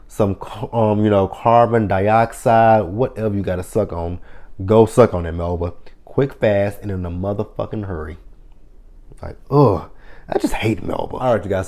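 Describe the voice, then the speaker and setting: Man, thirties, lowish voice, casual review vlog, profane, animated, acts out lines. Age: 30s. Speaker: TV episode reviewer.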